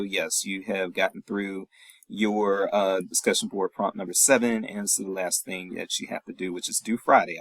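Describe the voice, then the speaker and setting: A man who is a professor giving a recorded weekly check-in lecture to his class, in a relaxed, reassuring, chatty way with many fillers. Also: low voice, husky, no echo, poor audio.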